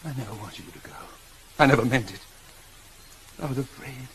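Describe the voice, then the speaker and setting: A brooding gentleman master. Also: medium pitch, brisk, husky, rough recording. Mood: earnest. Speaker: employer. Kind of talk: 1950s television drama acting.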